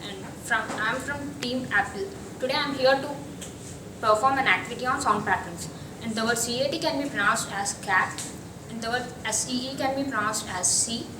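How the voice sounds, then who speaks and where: A young woman presenting in class, spelling words letter by letter in an even recital. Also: a little high. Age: young adult. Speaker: student presenter. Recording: echoey classroom from far off, noisy.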